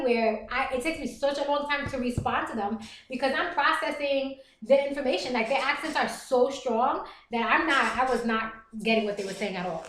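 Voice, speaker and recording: A middle-aged woman with a Puerto Rican Bronx accent, chatting fast and reassuringly as a livestream host reading viewer comments. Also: high-pitched, a bit bright, roomy sound. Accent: Puerto Rican Bronx New York. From the Bronx, New York.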